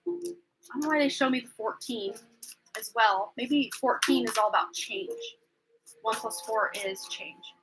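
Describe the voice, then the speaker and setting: A woman's voice: a little high, measured pace, music in the background, poor audio. A woman giving a live-streamed tarot reading, chatty and rambling, often unsure and laughing at herself. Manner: self-deprecating, laughs at herself. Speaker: tarot reader.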